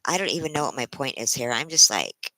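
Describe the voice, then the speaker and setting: A tired woman livestreaming to her viewers, close to tears, speaking in halting, emotional bursts and restarting her sentences. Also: a bass voice, big pitch swings, pushed and bright, dry recording, low-quality recording. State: tired from a sleepless night. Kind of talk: casual live-stream chat.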